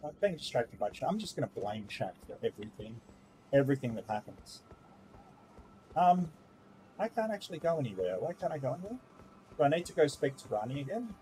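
Male gamer host, loose chatty play-along commentary, mid pitch, drifts off topic. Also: big pitch swings, a little fast, warm tone, a little hiss or hum, rough recording. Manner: chatty, rambling, easily distracted. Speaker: gaming streamer. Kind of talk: casual let's-play commentary.

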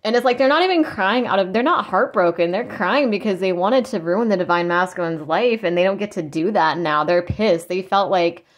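A woman's voice: medium pitch, fairly quick, hardly any pauses. Rambling blunt woman tarot reader. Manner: rambling, blunt, swears, mocks in quoted voices. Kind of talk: casual spiritual channeling talk.

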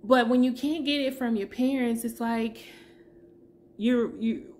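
Heartfelt halting woman sharing her story. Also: fairly high pitch, a little mellow, slight background noise. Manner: heartfelt, halting, searching for words. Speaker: vlogger. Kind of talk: personal testimony to camera.

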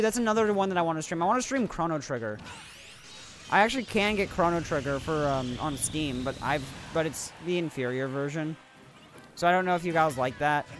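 Young guy streaming a fighting game, kinda high voice, goofy and salty, faint music behind. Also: fairly bright tone. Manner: chatty, playfully salty, laughing often. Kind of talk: casual live game commentary.

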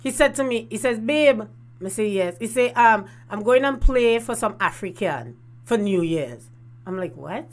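A woman's voice: a little high, animated, normal speed. A woman, hosting a casual storytelling vlog and laughing often. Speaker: host.

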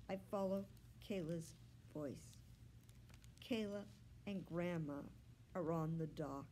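Slow expressive woman reading aloud. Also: deep voice. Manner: expressive, unhurried storytelling. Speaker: children's librarian. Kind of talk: reading a children's book aloud.

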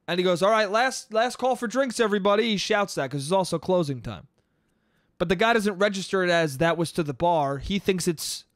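A man's voice: high-pitched, no room sound, studio quality. A man hosting a solo podcast, telling a story in a rambling, profane way and laughing at his own jokes. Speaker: podcast host. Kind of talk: casual storytelling monologue.

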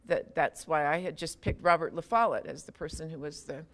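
A woman's voice: low voice, brisk, fairly bright tone. A woman giving a public university lecture in a conversational way, with wry, self-deprecating humor and frequent asides.

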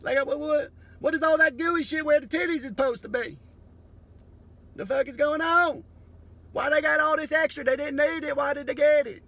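A man voicing an excitable future creature that shouts and swears in amazement at old bones. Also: moderate pace, exaggerated voice. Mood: excited amazed. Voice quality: high shouting, profane.

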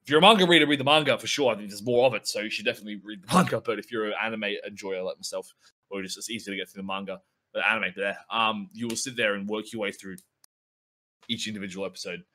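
A man co-hosting a podcast in casual chat, excitable and rambling, swearing a lot as he talks. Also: fairly low pitch, quick pace. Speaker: podcast co-host.

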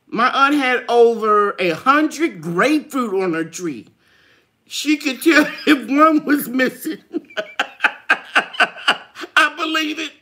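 A chatty middle-aged woman with a drawl hosts a live gardening chat. Her voice is bright and forward, and she laughs often. She stretches out words when she wants to stress them. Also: sits high. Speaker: gardening channel host. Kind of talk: live chat reading viewer comments.

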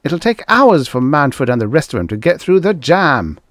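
A man voicing a timid, fussy assistant who speaks in a high, nervous way. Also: sing-song, fairly quick, darkish tone, dry recording, studio quality.

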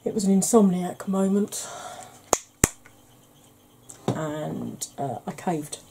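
A woman hosting a soft-spoken ASMR makeup tutorial, chatty and rambling with wry humour, tired from lack of sleep. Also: fairly low pitch, expressive, slow, vocal fry, noisy background. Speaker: beauty channel host.

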